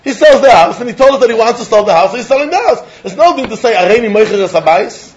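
A man giving a Talmud lecture, animated, firing rhetorical questions and chuckling often. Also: very high voice, quick pace, a little hiss or hum. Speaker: Talmud teacher. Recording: dull lo-fi recording.

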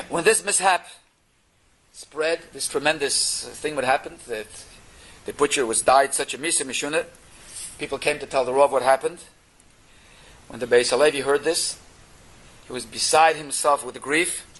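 A man telling a Torah story in an animated way, mixing Yiddish and Hebrew terms into his English. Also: medium pitch, moderate pace, pauses often, rough recording.

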